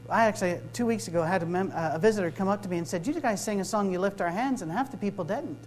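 Talking fast in a high voice, this minister tells stories, jokes, and acts out dialogue in a sermon-style workshop talk. Slight background noise comes through on a low-quality recording.

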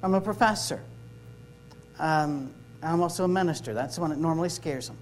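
A man's voice: a little high, a little fast, a little hiss or hum, rough recording. Storytelling man preaching. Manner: storytelling, acts out dialogue, joking. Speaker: minister. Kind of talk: sermon-style workshop talk.

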